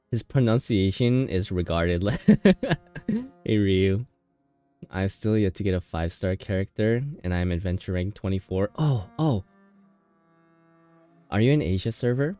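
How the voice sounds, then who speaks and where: A man's voice: lowish voice, animated, measured pace, long pauses, warm tone, smooth, dry recording, faint music behind. A man live-streaming a video game, chatting casually and playfully, laughing often and reacting to the story and his chat.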